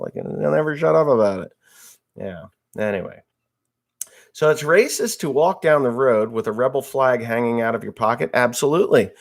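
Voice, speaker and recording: Man, gravelly voice, crude jokes, livestream host, casual chat. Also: medium pitch, fairly bright tone. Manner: crude joking, reads viewer comments aloud. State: just woke up, a little slow.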